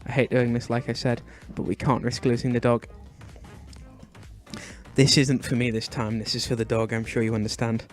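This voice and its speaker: A young man hosting a gaming video, chatting casually as he plays and fussing anxiously, with sudden high shrieks of alarm. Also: little pitch movement, normal speed, faint music behind. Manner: chatty, fretful and doting, often bursting into high shrieks. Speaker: gaming channel host. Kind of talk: Minecraft let's play commentary.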